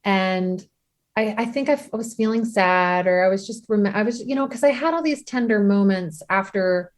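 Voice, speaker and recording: A woman in her thirties, a guest telling a personal story in a halting, tender way with many restarts. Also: medium pitch. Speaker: guest, bereaved mother.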